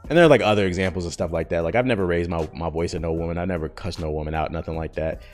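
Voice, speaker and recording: With faint music in the background, a low-voiced man in his thirties fires off a rapid podcast monologue. As host, he rambles, curses freely, and vents his feelings openly.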